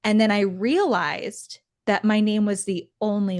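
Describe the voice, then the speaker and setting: A young adult woman in casual podcast chat. She tells her stories with animation and acts out the people she quotes in lively voices. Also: medium pitch, measured pace. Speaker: podcast co-host.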